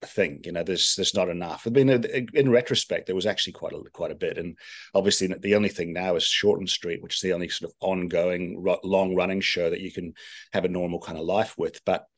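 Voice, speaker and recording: A man who grew up in Scotland and New Zealand, with a mixed accent, chatting as an interview guest in a relaxed, rambling way full of fillers and restarts. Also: low voice, brisk. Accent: mixed Scottish and New Zealand. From Scotland, raised in New Zealand. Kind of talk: casual interview chat.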